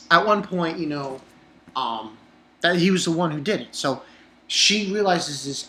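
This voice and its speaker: A man's voice: a little high, sharp tone. Rambling, foul-mouthed young man recapping. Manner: profane, rambling with many restarts and fillers. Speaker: anime episode reviewer. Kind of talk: casual rambling episode recap.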